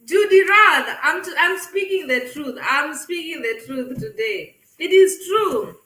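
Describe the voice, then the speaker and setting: Bright, animated Kenyan woman. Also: high-pitched, unhurried, reverberant, low-quality recording. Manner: animated, laughing, mixing in Swahili phrases. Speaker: live-stream host. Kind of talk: casual live-stream chat.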